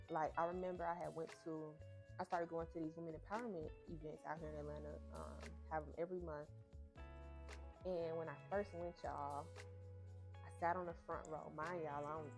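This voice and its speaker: A young woman talks to camera in a casual, heartfelt vlog. Her voice sits low, and she keeps calling her viewers "y'all" and circling back over her points. Faint music plays under her voice. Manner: expressive, repeats herself, addresses viewers as "y'all". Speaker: vlogger reviewing a podcast.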